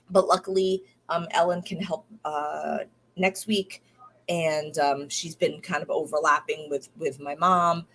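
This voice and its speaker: Woman, 30s, casual diary-style chat, rambling with fillers, tired from illness, lower pitch. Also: a bit bright. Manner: rambling, many fillers and restarts. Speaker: podcast host.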